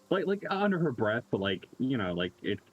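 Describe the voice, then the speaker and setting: A man's voice: medium pitch, muffled recording, slight background noise. A man playing a tabletop game, rambling with many "like"s. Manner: rambling, full of "like". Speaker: player. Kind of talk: casual tabletop game chat.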